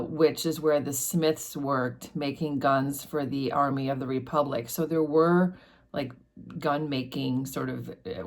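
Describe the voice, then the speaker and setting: A woman talking through a classic novel, reading passages aloud and explaining them in a chatty way with many fillers. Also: low-pitched. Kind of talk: casual book commentary with read-aloud passages.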